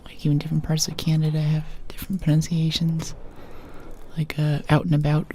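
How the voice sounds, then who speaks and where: Woman streamer, soft-spoken ASMR gaming talk, deep and dark-toned, playful whispers. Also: completely flat delivery, a little fast, slight background noise. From United States.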